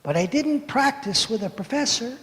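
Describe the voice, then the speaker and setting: A man in his seventies from the United States telling a story for all ages in a service, animated and playful as he acts out the moments. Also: extremely high pitch, moderate pace. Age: 70s. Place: sanctuary. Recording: echoey hall reverb.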